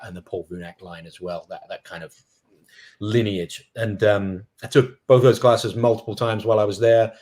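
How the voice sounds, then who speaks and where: A middle-aged man, a guest instructor, answering interview questions in a relaxed, self-deprecating way with fillers. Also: lowish voice.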